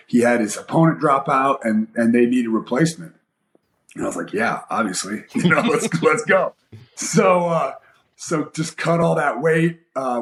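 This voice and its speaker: Man telling a story in an echoey room. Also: medium pitch. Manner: animated storyteller, acts out quoted voices, many fillers. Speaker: guest, MMA coach and former fighter. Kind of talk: casual storytelling interview.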